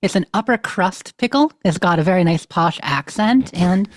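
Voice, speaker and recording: A woman's voice: on the low side, expressive, moderate pace, no room sound. A woman co-hosting a podcast from her bedroom, chatty and upbeat, laughing easily. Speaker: podcast co-host. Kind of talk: casual podcast chat.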